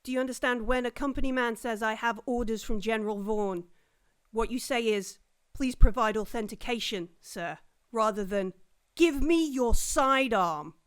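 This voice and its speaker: A woman's voice: on the high side, moderate pace, clear, resonant tone, lightly acted. A woman voicing a foul-mouthed female commanding officer who rants and swears, her voice cracking with rage. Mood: scolding.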